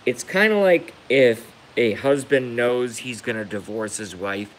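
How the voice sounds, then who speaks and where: A livestreamer with an unhurried mid-range voice rants emotionally and emphatically, repeating his points to hammer them home. The recording is low quality with slight background noise.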